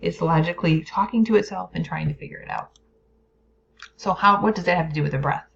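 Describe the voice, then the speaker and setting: A woman's voice: fairly low pitch, fairly quick, gravelly, slight background noise. A woman teaching a lesson on stress and the brain, explaining plainly with playful whispered asides and acted inner voices. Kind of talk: educational video lesson. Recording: dull lo-fi recording.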